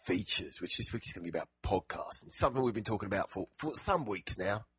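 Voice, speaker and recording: This is a relaxed podcast voice from an English guy who keeps laughing and poking fun at himself. the sound is slightly husky and very dry, close to the mic with no room around it. he talks like he's hanging out with a friend. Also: fairly low pitch, fast, no room sound. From England. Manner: jokey, self-deprecating, laughs often. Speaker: podcast co-host. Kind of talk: casual chat. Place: home in Japan.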